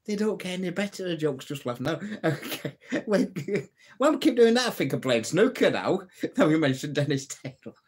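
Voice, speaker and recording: A man's voice: fairly high pitch, animated, moderate pace, breathy edge. A man hosting a casual live stream, telling old jokes, reading out viewer comments and laughing at his own punchlines. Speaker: livestream host.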